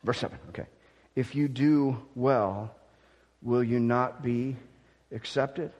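A man preaching a sermon, swinging between loud emphatic declarations and soft gentle murmuring, often repeating words as he restarts. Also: mid-range voice, steady tone, slow pace. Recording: long hall reverb.

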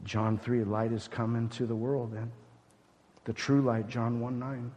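A man preaching a sermon as pastor, urgent and emphatic one moment and hushed and grave the next. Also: mid-range voice, level tone, unhurried. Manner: emphatic preaching, swinging between loud urgency and hushed gravity. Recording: long hall reverb.

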